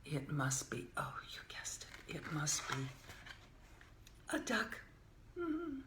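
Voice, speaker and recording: Slow, lively older woman reading to kids. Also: deep voice. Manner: gentle and playful, often drops to a soft whisper. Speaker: children's storyteller. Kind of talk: reading picture books aloud to children. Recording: echoey room with faint hiss.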